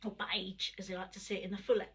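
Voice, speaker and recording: A woman's voice: mid-range voice, little pitch movement, rapid-fire, a little mellow, slight background noise. A middle-aged woman, chatting between poems and reciting punchy rhyming verse on a live stream. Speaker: performance poet. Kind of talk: live-streamed poetry performance. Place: home, livestream.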